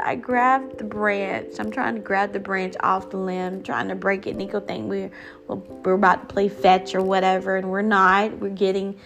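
A young woman vlogger telling a rambling story in a casual, profane, animated way. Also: mid-range voice.

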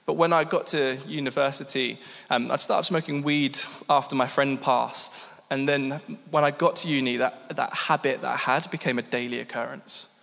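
A man's voice: mid-range voice, fairly even intonation, moderate pace, gravelly, a bit bright. A man in his thirties from England giving a candid, self-deprecating personal testimony at a church gathering. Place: church hall. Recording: long reverb in a church hall.

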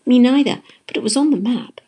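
A woman voicing an excitable young female animal in a children's storybook, with shrill exclamations. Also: brisk, slightly rough. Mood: puzzled.

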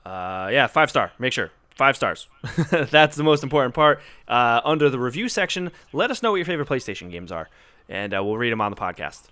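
A young man hosting a casual gaming podcast, chatty and quick, swearing now and then. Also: mid-range voice, very animated, bright, forceful tone, smooth, no echo. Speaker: podcast host. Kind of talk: casual chat.

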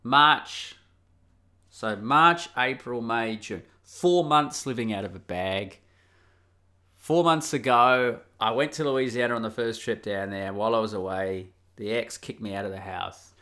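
A man's voice: mid-range voice, a little slow, sharp tone. A middle-aged Australian man hosting a podcast, talking candidly in a rambling, casual way with restarts and swearing. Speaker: podcast host. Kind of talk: casual solo podcast monologue.

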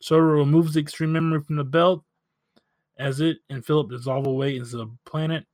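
A man's voice: on the high side, quick pace, no echo. A man co-hosting a podcast, recapping a show episode and chatting casually about it. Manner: relaxed, recaps plots then chats. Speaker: podcast co-host.

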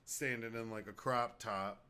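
A man co-hosting a podcast, telling a story in animated, profane casual chat. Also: lowish voice, unhurried, smooth. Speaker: podcast co-host.

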